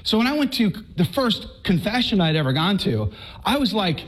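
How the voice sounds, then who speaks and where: A man from Texas giving a humorous personal testimony to a live audience, telling his story in a lively way and stammering and repeating words for effect. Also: sits high, normal speed, poor audio. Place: speaking before an audience.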